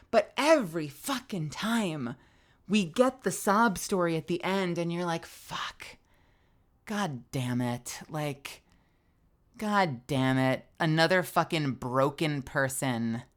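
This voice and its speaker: A young woman streamer with a tired, strained voice, chatting animatedly, laughing and swearing freely. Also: on the low side. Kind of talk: casual stream outro chat.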